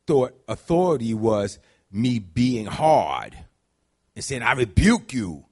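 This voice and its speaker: A man preaching a conversational sermon, dropping to low murmurs and climbing to high shouts. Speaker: pastor.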